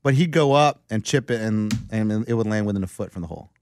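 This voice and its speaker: A young man telling a rambling, excitable story in casual chat, full of "dude" and "like". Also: on the low side, fast talker, a little hiss or hum.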